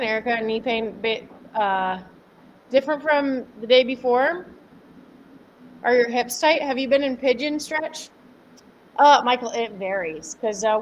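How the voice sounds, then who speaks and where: A woman's voice: a little high, slight background noise. A young woman fitness coach on a home live stream. She explains a workout in an upbeat, chatty way, answers viewers by name and laughs often. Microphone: camera mic at home.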